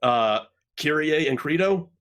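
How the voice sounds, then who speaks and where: A man co-hosting a casual game-review chat, joking and animated as he tells stories. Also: fairly high pitch, a little slow. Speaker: podcast co-host.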